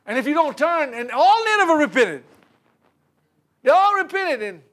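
A man's voice: very high voice, normal speed. A man preaching a sermon, retelling a Bible story with laughter, stumbles and repeated words. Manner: animated storytelling with laughs and repetitions.

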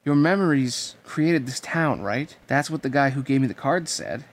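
Man voicing a gentle sad young woman, slow weighty warnings, amateur audiobook reading. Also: mid-range voice, animated, lightly acted. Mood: solemn.

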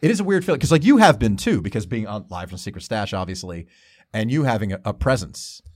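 Lively, fast-talking man, podcast co-host who acts out the quotes in his stories. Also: on the low side. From northern New Jersey. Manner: animated storyteller, acts out quotes. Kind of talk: casual comedic chat.

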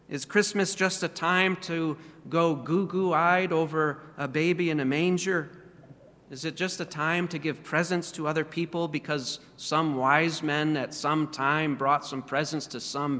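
A man's voice: a little high, a bit bright, big-room sound. A man preaching a sermon in a church, earnest and full of rhetorical questions. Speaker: pastor.

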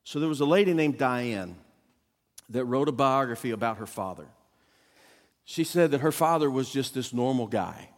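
A man preaching a sermon as a guest pastor, telling a story with acted-out quotes and sudden loud bursts. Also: mid-range voice, expressive, normal speed, long reverb tail. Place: church auditorium.

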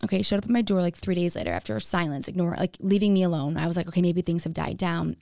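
A woman's voice: lowish voice, quick pace, creaky, dark tone, dry recording, studio quality. Candid woman telling a personal story. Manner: candid, frequent "like", acts out quoted dialogue. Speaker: speaker telling her own story.

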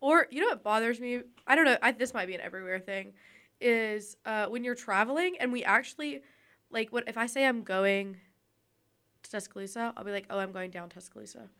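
Young woman co-host, chatty and curious, laughs easily; voice sits a bit high. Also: brisk, pushed and bright. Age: young adult. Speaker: podcast co-host. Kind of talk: casual chat.

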